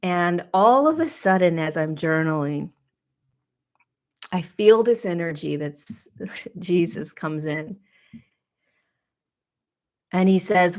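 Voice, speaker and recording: A woman's voice: on the low side, expressive, takes it slowly, pauses often. A woman podcast host telling a personal spiritual story in an earnest, confessional way.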